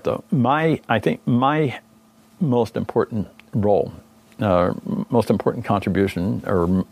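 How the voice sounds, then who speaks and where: Older man, deep voice, gravelly, rambling interview recollection. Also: a little mellow. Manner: rambling, with many fillers and self-corrections. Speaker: interview guest, former condor recovery team leader.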